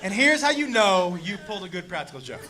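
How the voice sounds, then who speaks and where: Brief: male stand-up comic, very high voice, rowdy profane storyteller, laughing crowd behind. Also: sing-song, fairly quick. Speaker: stand-up comedian. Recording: live stand-up clip with audience laughter and noise. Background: audience laughing.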